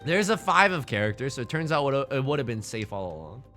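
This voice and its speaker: A man's voice: mid-range voice, very animated, fast, sharp tone, soft background music. A man streaming a game live, rambling and joking with his chat between plays. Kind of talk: live-stream gameplay commentary.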